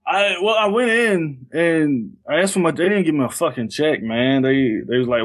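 A man's voice: on the high side, lively intonation, normal speed, hardly any pauses. A man co-hosting a podcast, giving laid-back, dry replies in casual chat. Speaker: podcast co-host.

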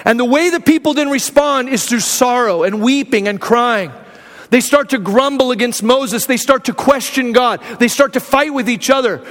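A pastor with a strikingly high voice delivers a lively sermon, retelling scripture and acting out the quoted speakers. His voice rings out with a long reverb, as if recorded in a large church hall. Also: moderate pace. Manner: animated storytelling, acting out quotes.

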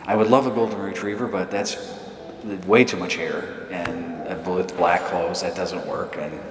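A man's voice: sits low, steady tone, a little slow, noisy background. A middle-aged man, a parish priest, telling a chatty, self-deprecating story in a homily and laughing often. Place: church. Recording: echoey church hall.

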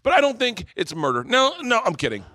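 A middle-aged man hosting a live podcast, rambling loudly through stories, swearing and laughing. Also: high-pitched, very animated, fairly quick. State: tipsy. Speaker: podcast host. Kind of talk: live podcast comedy storytelling. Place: brewery stage before a live audience.

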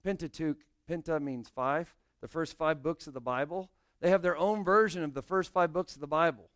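A man's voice: a little high, normal speed, fairly bright tone, clear, resonant tone, no echo, clean studio sound. A male pastor preaching a sermon, explaining scripture and speaking directly to his congregation.

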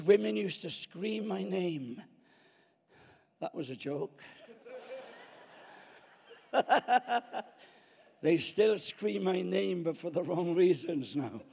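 Gravelly older preacher telling jokes. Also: male voice, high-pitched. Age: 70s. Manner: jokey, self-mocking, lively anecdotes. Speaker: guest preacher. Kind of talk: sermon with comic storytelling. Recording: long hall reverb.

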